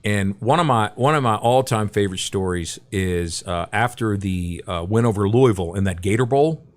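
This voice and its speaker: A man's voice: lowish voice, normal speed. A middle-aged man, a guest broadcaster, telling anecdotes in a podcast interview and acting out the quotes.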